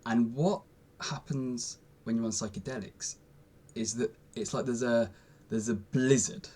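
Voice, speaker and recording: A man's voice: medium pitch, steady tone, unhurried, warm tone. A young man vlogging a casual, rambling monologue, with lots of fillers and restarts.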